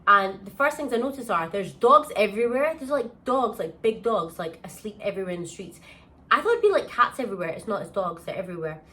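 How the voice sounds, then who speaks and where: A young woman from the UK, telling a holiday story in a casual vlog, animated and exclamatory with plenty of slang. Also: mid-range voice, a little fast, low-quality recording. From United Kingdom. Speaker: vlogger. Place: holiday villa.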